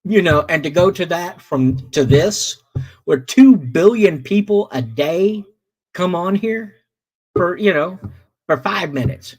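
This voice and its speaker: A middle-aged man, hosting a casual livestream, talking slowly with many fillers as he greets viewers in chat. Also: sits high, animated, darkish tone, breathy edge, low-quality recording. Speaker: livestream host reading chat.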